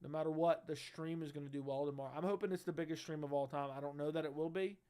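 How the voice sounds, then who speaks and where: A man's voice: fairly high pitch, fairly even intonation, fast, warm tone, clean tone. A brash young man hosting a casual livestream, reading chat and bantering loosely with slang and swearing into a studio mic. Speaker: livestream host. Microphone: studio dynamic mic.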